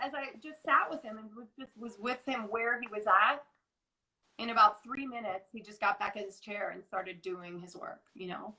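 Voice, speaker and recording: A woman's voice: high-pitched, sharp tone, low-quality recording. A woman in her forties, a guest coach, chatting earnestly on a video call, rambling with restarts and quoting herself. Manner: earnest, rambling, many restarts and acted quotes. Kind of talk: casual live interview chat.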